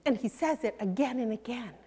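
An older woman preaching a sermon, earnest and emphatic, sometimes dropping to a hush. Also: on the high side, expressive, fairly quick, slightly rough. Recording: long hall reverb.

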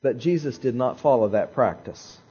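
A man preaching a sermon, telling a story in an animated way with dramatic pauses and repeated phrases. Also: medium pitch, slightly rough, highs cut off. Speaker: pastor.

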